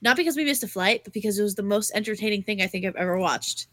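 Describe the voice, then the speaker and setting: A young woman co-hosting a podcast, telling a story in casual chat, animated and swearing freely as she acts out the people in it. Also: medium pitch, fast, no echo. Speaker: podcast co-host.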